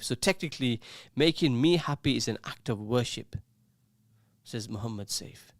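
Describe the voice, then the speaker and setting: A man's voice: mid-range voice, lively intonation, normal speed, dry recording, clean studio sound. A man hosting a community radio call-in show, teasing listeners and reading out their messages in a casual, jokey way. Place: radio studio.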